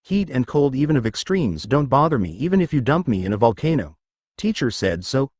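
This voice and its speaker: A man's voice: medium pitch, very animated, a little fast, darkish tone, husky, no echo, clean studio sound. Man reading as naive cheerful baby slime girl. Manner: matter-of-fact, innocently blunt. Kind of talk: fan fiction reading.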